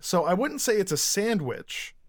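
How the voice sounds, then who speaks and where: A man with a Chicago accent chats on a podcast, his voice sitting a little high. He talks loosely and easily, trading jokes with his co-host. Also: big pitch swings, normal speed. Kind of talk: casual chat.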